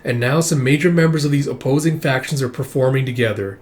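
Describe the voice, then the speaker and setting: A man reading aloud from a comic and voicing a knowledgeable man who explains the politics of a rival group in a steady, explanatory way. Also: medium pitch, fast, natural voice. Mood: serious.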